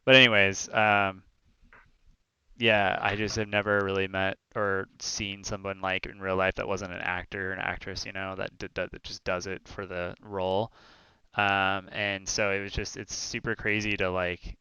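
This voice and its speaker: Speaking in a low, clean voice at a moderate pace over a dry recording, this young co-host of a streamed talk show chats casually. He rambles through his stories with lots of animation and filler words.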